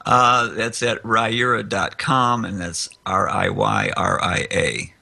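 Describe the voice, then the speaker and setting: A man, a guest author, speaking with halting pauses and fillers in a casual podcast interview. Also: on the low side, animated, vocal fry, sharp tone. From United States.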